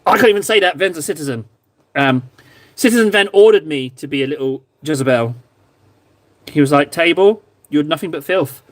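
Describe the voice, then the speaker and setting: This young man's voice runs on the high side and is expressive and brisk, with frequent pauses. He hosts a livestream where he paints miniatures and casually ribs his viewers, keeping the banter with chat playful and joking.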